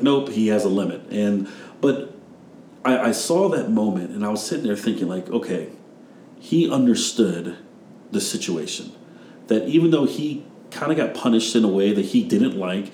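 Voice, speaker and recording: A man's voice: on the low side, animated, moderate pace, mellow, roomy sound, a little hiss or hum. A man hosting a parenting podcast, telling stories in a casual rambling way and acting out what people said. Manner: rambling storyteller, acts out quotes. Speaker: podcast host.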